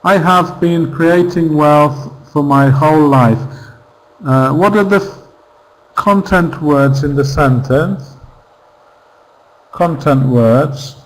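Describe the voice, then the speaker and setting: Slow, patient male English teacher. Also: a little high, rough recording. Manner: patient, repeats example phrases, asks checking questions. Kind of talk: online class grammar lesson.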